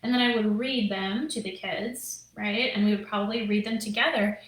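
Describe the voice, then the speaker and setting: In a casual teaching video, a woman in her thirties who teaches and creates curriculum chats upbeatly to the camera, using lots of fillers and "right?". Her medium-pitched voice keeps a steady tone at normal speed, captured in a roomy, low-quality recording.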